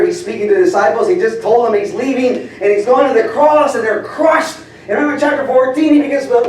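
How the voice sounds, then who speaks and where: A middle-aged man preaching to a church, telling stories with frequent chuckles and sudden swings from loud to hushed. His voice is heard from far off in a big, heavily echoing hall. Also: high-pitched, slight background noise. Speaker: pastor. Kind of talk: sermon. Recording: distant echoey hall from far off.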